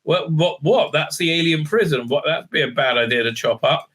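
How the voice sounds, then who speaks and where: A man's voice: fairly high pitch, moderate pace, fairly bright tone, husky. A man giving a casual, sarcastic recap and review in a rambling way, with many filler sounds. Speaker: video reviewer.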